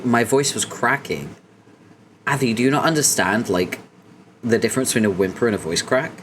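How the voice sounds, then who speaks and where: A man's voice: on the low side, a little hiss or hum. A man hosting a casual reading stream, chatty and joking with viewers.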